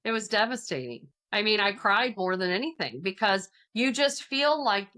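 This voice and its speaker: Animated woman telling a story. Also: mid-range voice, normal speed. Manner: animated storytelling, acts out quoted voices. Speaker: podcast guest, counselor and author. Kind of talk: casual podcast conversation.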